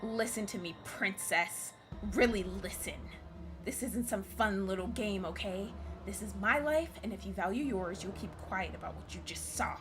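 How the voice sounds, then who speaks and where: A woman's voice: mid-range voice, moderate pace, over music, lightly acted. A woman reading as a hissing, threatening office boss. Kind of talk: reading game dialogue aloud.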